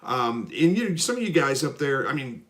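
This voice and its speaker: A man from Southwest with a stuffy nose, hosting a relaxed live chat and reading out viewer questions. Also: mid-range voice, normal speed. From Southwest Missouri. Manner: easygoing, rambling, chuckles often. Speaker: livestream host.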